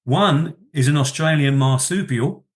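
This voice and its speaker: A man's voice: a little high, measured pace. A man co-hosting a casual podcast from a home kitchen, hesitant with stumbling restarts and chuckles. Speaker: podcast co-host. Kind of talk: casual chat.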